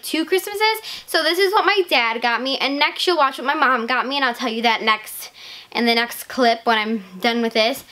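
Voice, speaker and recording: A bright, high-pitched teenage girl talking straight to her camera in a casual vlog. She gushes and bubbles over, stringing everything together with "like" and "legit," and her excitement keeps spilling out. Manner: gushing, excitable, lots of "like" and "legit". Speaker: vlogger.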